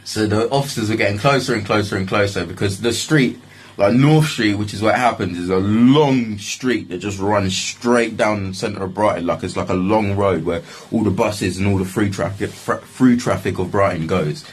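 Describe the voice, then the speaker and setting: A man's voice: lowish voice, moderate pace, slight background noise. A man telling a story in a loose, casual way, swearing freely and filling his talk with fillers.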